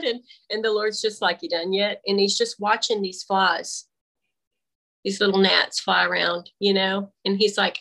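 A woman's voice: mid-range voice, normal speed, a bit bright, rough recording. A woman on a remote call through earbuds, telling a faith testimony in casual conversation and animatedly acting out her own dialogue. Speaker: guest. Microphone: AirPods.

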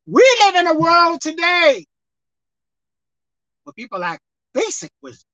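A woman delivers a sermon with a bright, high voice that swings widely in pitch. She talks straight to the congregation and acts out pleading prayers. The recording is dry and slightly muffled. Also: unhurried, no echo. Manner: animated, acts out pleading prayers, calls out to listeners. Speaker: preacher.

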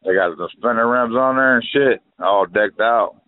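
A man's voice: mid-range voice, normal speed. A man chatting casually about cars, joking and teasing. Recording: phone-like sound.

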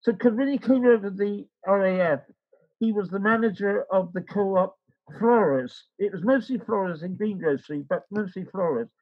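A man's voice: high voice, moderate pace, highs cut off. An older man telling a rambling personal story in casual chat, acting out the voices of the people in it. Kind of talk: casual anecdote.

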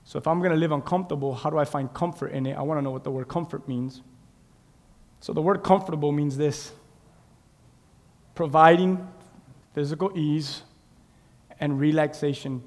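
A man preaching a sermon in a church, swinging between shouted, drawn-out lines and quiet, confiding asides. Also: a little high. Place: church sanctuary. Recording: long reverb in a large hall.

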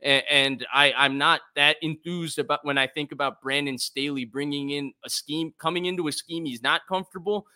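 Man, sports talk co-host, analytical, point-by-point arguments, higher pitch. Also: fairly even intonation, normal speed, hardly any pauses, pushed and bright. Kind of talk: casual sports talk show chat.

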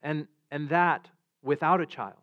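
A man's voice: on the high side, unhurried. A man preaching a sermon as pastor, earnest, often repeating words as he restarts. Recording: dull lo-fi sound.

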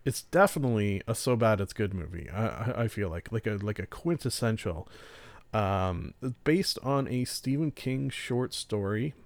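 A man's voice: lowish voice, animated, moderate pace, creaky, dry recording. A man hosting a solo podcast, reviewing films and shows in a casual, rambling way, often restarting and chuckling. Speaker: podcast host.

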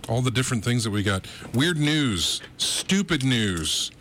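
A man's voice: mid-range voice, sing-song, measured pace, fairly bright tone, slight background noise. A man hosting a radio talk show, chatting casually and rambling a little with restarts. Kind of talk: casual on-air chat.

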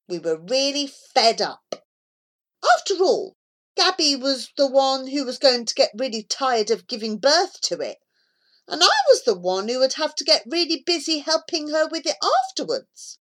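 Brief: woman reading a children's story in first person, childlike delivery, very animated pitch. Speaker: audiobook narrator. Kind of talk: reading a children's book aloud.

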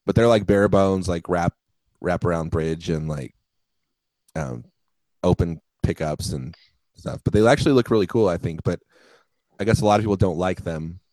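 A man's voice: low-pitched, moderate pace, long pauses, a little mellow, no room sound, low-quality recording. A man co-hosting a podcast in casual chat, talkative and laughing often. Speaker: podcast co-host.

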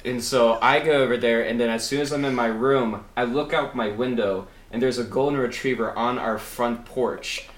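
A man's voice: medium pitch, moderate pace, hardly any pauses. Laughing storyteller guy in a roomy room. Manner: animated, laughs often while telling stories. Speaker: podcast guest, photographer. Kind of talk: casual storytelling chat. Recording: roomy echo, faint background noise.

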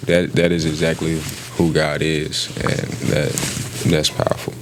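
A man, a podcast guest, talking about faith in a soft-spoken, hesitant way. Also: very deep voice, level tone, measured pace, noisy background. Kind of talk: casual faith chat.

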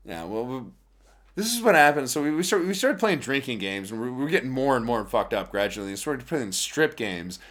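A man's voice: medium pitch, big pitch swings, brisk, a bit bright. A man hosting a casual podcast, telling a long story with lots of profanity and fillers. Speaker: podcast host.

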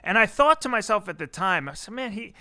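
A man's voice: high voice, big pitch swings, brisk, sharp tone, dry recording, clean studio sound. A man hosting a podcast interview, talking conversationally with frequent fillers. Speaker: podcast host.

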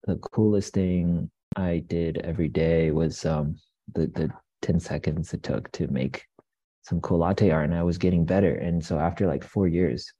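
A young man and coffee shop owner, telling stories in a relaxed, rambling way with many fillers and restarts. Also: low-pitched, slightly rough, no room sound, highs cut off. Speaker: guest, coffee business owner. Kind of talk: casual interview storytelling.

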